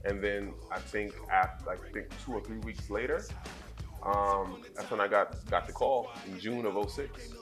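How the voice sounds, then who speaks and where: A man in his thirties speaks in a somewhat low voice as an interview guest. He tells stories casually and acts out the dialogue he quotes in them. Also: normal speed, faint music behind. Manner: animated storyteller who acts out quoted dialogue. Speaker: interview guest, former wrestler. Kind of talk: casual shoot interview storytelling.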